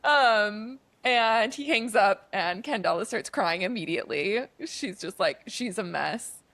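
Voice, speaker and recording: A woman's voice: mid-range voice, a little slow, fairly bright tone, no echo. A young adult woman co-hosting a podcast, recapping a film in chatty, casual talk packed with "like" fillers. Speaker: podcast co-host.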